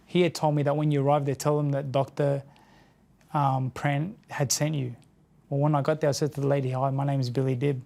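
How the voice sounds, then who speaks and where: An Australian man recounting a hard personal story in an interview, in a halting, earnest way that often repeats words and restarts. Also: medium pitch, flat delivery, vocal fry, darkish tone. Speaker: interview guest. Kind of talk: emotional personal account in an interview.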